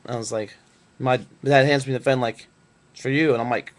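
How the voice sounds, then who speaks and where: A man's voice: mid-range voice, steady tone, fairly quick. Young guy from Northern Kentucky, casual webcam storyteller, loose and rambling. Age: young adult. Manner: rambling, filler-heavy, laid-back. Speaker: vlogger.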